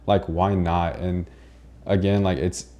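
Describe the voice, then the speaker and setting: A young man, a tattoo artist, answers podcast questions in a very deep, dark and mellow voice. He keeps his replies short and easygoing. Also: slow pace. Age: young adult. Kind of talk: casual podcast chat.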